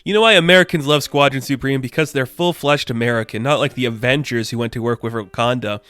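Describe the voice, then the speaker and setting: A man puts on an excitable fanboy secret agent in a quick comic-book retelling, talking in a clear, smooth voice. The voice is dry and close, chatty and a touch indignant. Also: medium pitch, dry recording, natural voice.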